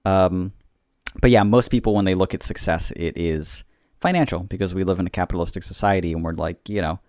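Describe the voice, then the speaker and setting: A man's voice: deep voice, fairly quick, a little mellow, dry recording, studio quality. A man co-hosting a podcast, talking casually in a reflective, rambling way with lots of fillers. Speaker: podcast co-host. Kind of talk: casual chat.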